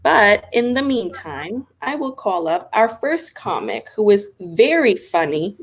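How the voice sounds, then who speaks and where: A woman hosting a live online comedy show with bubbly, quick emcee patter. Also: medium pitch, big pitch swings, breathy edge. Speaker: show host.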